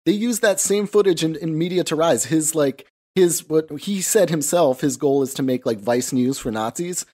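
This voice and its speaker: A man's voice: a little high, normal speed, dark tone. A man co-hosting a casual podcast discussion, rambling with lots of fillers and swearing. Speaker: podcast co-host.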